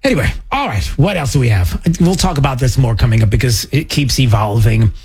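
Chatty, husky-voiced male radio host. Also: very animated, fairly quick, a little mellow. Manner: chatty, sarcastic, breaks into mocking high voices. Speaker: radio talk show host. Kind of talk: casual political talk radio.

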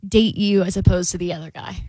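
A woman's voice: on the low side, steady tone, quick pace, mellow, no room sound, poor audio. A woman co-hosting a radio show, asking callers teasing questions in a wry tone. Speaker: radio co-host. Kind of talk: radio dating segment.

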